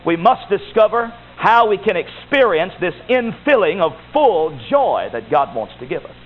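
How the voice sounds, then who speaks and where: Emphatic Baptist preacher on a tinny recording. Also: male voice, high voice, big pitch swings, normal speed. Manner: emphatic, repetitive preaching with rising exhortations. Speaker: Baptist pastor. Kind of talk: sermon. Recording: tinny phone-like recording with faint hiss.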